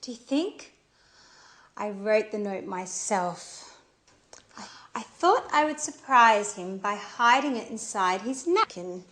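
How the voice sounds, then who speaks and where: A woman's voice: mid-range voice, animated, slow pace, fairly bright tone. An actress playing an eager, flustered young woman in love in a scripted language-course drama. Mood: nervous.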